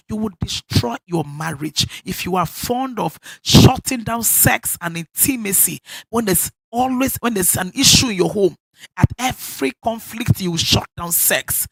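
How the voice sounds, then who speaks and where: Nigerian preacher hammering points home in a sermon, gravelly voice, dry close sound. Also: mid-range voice, a bit bright, no room sound. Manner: emphatic, repeats key phrases, laughs often. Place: church service.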